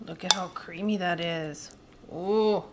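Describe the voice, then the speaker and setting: A woman's voice: fairly low pitch, steady tone, takes it slowly, background noise. A woman hosting a casual cooking demonstration in a home kitchen, chatting directly to her viewers. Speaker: cooking vlog host.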